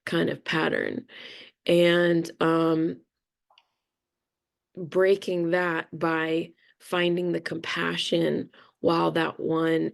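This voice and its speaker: A woman's voice: low voice, vocal fry. A middle-aged woman talking candidly and reflectively, rambling a little and swearing casually. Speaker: spiritual reader sharing experience.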